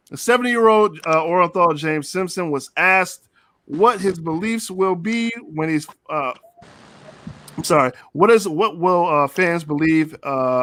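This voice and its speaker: A man hosting a casual sports talk show, animated and joking, repeating phrases for emphasis. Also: fairly high pitch, normal speed.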